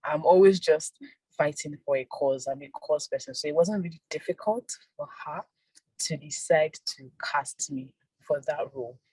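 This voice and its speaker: A young woman, an actress and filmmaker, giving soft-spoken casual interview answers with frequent laughs. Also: deep voice, moderate pace, slightly rough, no room sound, poor audio. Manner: soft-spoken, laughs often, repeats words.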